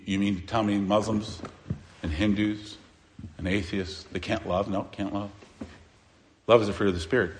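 Emphatic male pastor preaching. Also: mid-range voice. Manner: emphatic preaching with rhetorical questions and repetition. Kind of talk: sermon.

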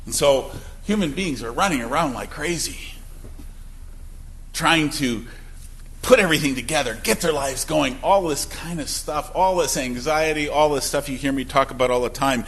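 A male pastor preaching a sermon, swinging between emphatic outbursts and quiet, low asides. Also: moderate pace. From Wisconsin. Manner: emphatic preaching with sudden loud and soft swings.

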